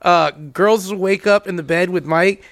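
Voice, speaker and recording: A man's voice: high-pitched, steady tone, moderate pace, fairly bright tone, no room sound. A man chatting casually, telling teasing anecdotes and laughing often. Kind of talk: casual chat.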